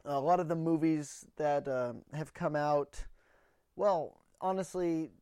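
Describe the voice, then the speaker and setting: A man's voice: on the high side, slow pace, darkish tone, smooth, dry recording. A man talks alone into a close podcast mic, blunt and sarcastic as he rambles through a story. He sounds a little out of breath. The sound is dry, with no room around it. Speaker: podcast host. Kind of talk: solo comedic monologue.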